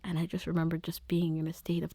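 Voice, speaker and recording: A woman guest sharing a painful personal story in an earnest, halting way, close to tears. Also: fairly low pitch, completely flat delivery, dark tone, dry recording. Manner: earnest, halting, emotional retelling. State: tearful.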